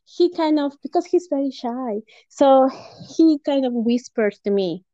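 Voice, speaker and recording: Woman from peru chatting on a podcast, laughs a lot, mellow voice, kinda muffled dry sound. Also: high voice, animated, a little slow, hardly any pauses, dry recording. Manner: warm storytelling, laughs often, many fillers. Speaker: podcast guest. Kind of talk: casual chat. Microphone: home podcast mic.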